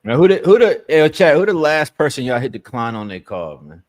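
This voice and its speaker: A man's voice: a little high, very animated, a little fast, a little mellow. Laid-back man chatting on a livestream. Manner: laid-back, laughs often, talks to chat. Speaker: livestream host making sales calls. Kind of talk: casual livestream chat.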